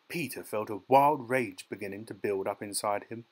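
A man narrating a dark short story as an audiobook, in a measured, dramatic storytelling manner. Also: fairly low pitch, low-quality recording. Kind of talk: scripted narration.

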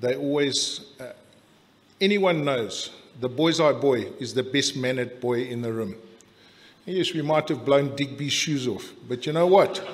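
A man's voice: medium pitch, a little slow, slight background noise. A middle-aged South African man giving a blunt, jokey after-dinner toast that rambles with restarts, speaking in a large dinner hall. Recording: long hall reverb.

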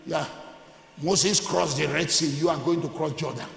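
A man's voice: a little high, normal speed, creaky. A male pastor preaching a sermon, with emphatic call-and-response to the congregation. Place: large church hall. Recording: echoey church hall with faint music.

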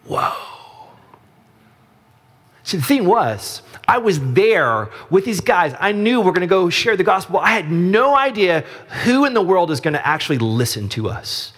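A man from Texas preaching a sermon as pastor, telling stories in a conversational, animated way. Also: long reverb tail. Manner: conversational storytelling, animated rises in pitch. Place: church sanctuary.

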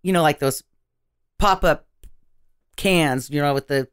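A woman's voice: low voice, measured pace, clear, resonant tone, no room sound, clean studio sound. A woman co-hosting a casual movie podcast, rambling playfully and giggling through her jokes. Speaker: podcast co-host. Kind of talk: casual movie-riffing chat.

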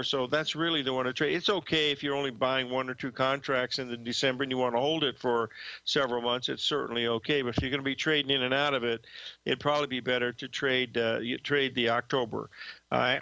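A man's voice: medium pitch, bright, forceful tone, clear, resonant tone, no room sound, muffled recording. An older man hosting a market show, talking in a folksy, rambling way with many fillers and restarts. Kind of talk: casual trading talk. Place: studio desk.

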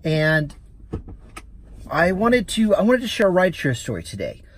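A man's voice: sits high, wildly swooping pitch, moderate pace, slight background noise. A man, a rideshare driver and vlogger, chatting casually as he recounts a story with quoted dialogue.

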